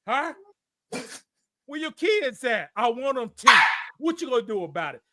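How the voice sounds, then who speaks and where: A man co-hosting a streamed talk show, ranting in a confrontational, taunting, profane way and often breaking into shouts. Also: very high-pitched, big pitch swings, normal speed, heavy background noise. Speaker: podcast co-host.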